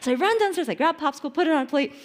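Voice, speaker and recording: A woman in her thirties gives a heartfelt faith talk. Her voice sits high and swings widely as she tells stories, laughing often and trailing into fillers. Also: racing. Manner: animated storytelling, laughs often, many fillers. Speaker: Christian speaker.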